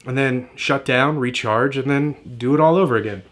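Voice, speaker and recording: A man's voice: mid-range voice, normal speed, fairly bright tone. A man giving a direct-to-camera marketing lesson, emphatic and repetitive in a motivational way. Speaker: marketing coach.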